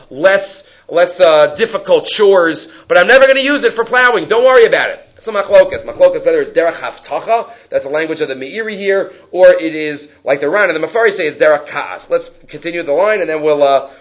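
High-voiced man teaching Talmud. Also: muffled recording. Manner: animated, acts out quoted speakers, many fillers. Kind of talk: Talmud lecture.

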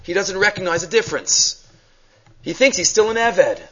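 A man teaching a Torah class, animated, acting out questions and mixing Hebrew terms into his English. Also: high voice, moderate pace, muffled recording.

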